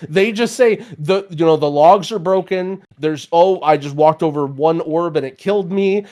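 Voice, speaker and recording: A man's voice: sits high, moderate pace, hardly any pauses, darkish tone. A young man co-hosting a gaming podcast, ranting in casual chat with lots of restarts and fillers. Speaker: podcast co-host.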